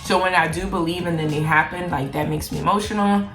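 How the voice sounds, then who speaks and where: Candid, chatty woman vlogger with low voice. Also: quick pace, a bit bright, roomy sound, soft background music. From Jamaica. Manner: candid, chatty, heavy use of "like". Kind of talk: casual Q&A chat while eating.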